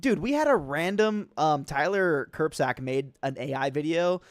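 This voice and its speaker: A man's voice: on the high side, animated, moderate pace, no room sound, studio quality. A young man hosting a casual livestream, answering chat questions in a loose, slangy way with lots of fillers.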